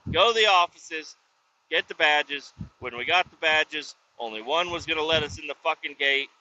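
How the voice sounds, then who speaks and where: A man's voice: a little high, normal speed, pushed and bright, highs cut off, slight background noise. A man telling a work story in a profane, rambling casual vlog, with frequent restarts. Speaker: roadside service worker vlogging.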